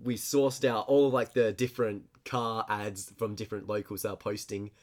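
A man's voice: on the low side, flat delivery, moderate pace, darkish tone. A young man hosting a podcast, telling a story in casual chat, often laughing as he rambles. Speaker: podcast host. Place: storehouse.

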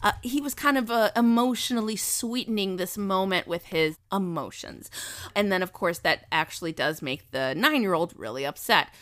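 A woman in her thirties telling a family story in casual chat, animated and swearing freely as she acts out quotes. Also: medium pitch, moderate pace.

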